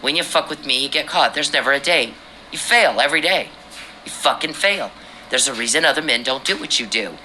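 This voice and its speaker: A woman's voice: very deep voice, expressive, a little fast, pushed and bright, slight background noise, low-quality recording. A woman hosting her own podcast, talking straight at a man she accuses, confrontational and swearing. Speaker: podcast host. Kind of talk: angry personal monologue.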